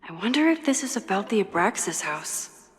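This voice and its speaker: A woman's voice: medium pitch, very animated, moderate pace, in a large hall, soft background music, lightly acted. An actress voicing a young woman photographer in a video game, speaking a dry, self-mocking inner monologue. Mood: wry.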